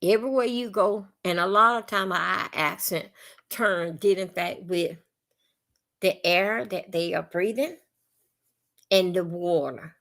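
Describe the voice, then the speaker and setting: A woman's voice: on the low side, a little slow, vocal fry, fairly bright tone. A woman from Florida with a Southern accent, ranting bluntly and profanely on a live stream, rambling and repeating herself. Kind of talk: live-stream commentary rant.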